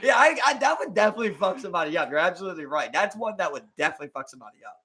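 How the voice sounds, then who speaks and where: A man's voice: high voice, very animated, racing, sharp tone. A man co-hosting a podcast in a loose, slangy, casual chat, laughing often. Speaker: podcast co-host.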